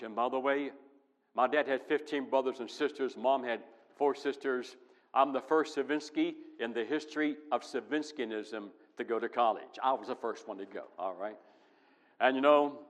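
A man's voice: medium pitch, highs cut off. Emphatic male preacher in a ringing hall. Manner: emphatic, swings from loud to hushed. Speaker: pastor. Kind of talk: sermon. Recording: long reverb in a large hall.

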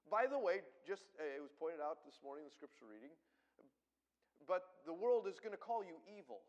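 Middle-aged preacher guy, kinda high voice, gets loud then goes quiet for asides. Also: normal speed, lo-fi sound. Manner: animated preaching with sudden loud emphasis and soft asides. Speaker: pastor. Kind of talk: sermon.

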